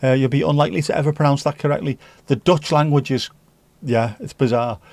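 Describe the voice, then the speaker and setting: Brisk and a little high, with vocal fry and a darkish tone, a Liverpool livestream host speaks in a Scouse accent in a dry recording. He jokes around with viewers and reads out what they type in chat.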